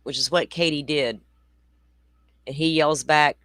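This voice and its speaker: A woman's voice: low-pitched, steady tone, moderate pace, a bit bright, dry recording. A woman in her forties hosting a true crime show, talking in a chatty, blunt way with rambling asides. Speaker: true crime podcast host. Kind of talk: casual livestream commentary.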